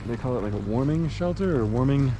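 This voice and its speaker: A man's voice: mid-range voice, expressive, fast, warm tone. Rambling young man vlogging on a trail. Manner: rambling, filler-heavy, laid-back. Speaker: thru-hiker vlogger. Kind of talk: casual vlog narration. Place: outdoors on a mountain trail by a highway. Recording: outdoor noise, traffic and wind.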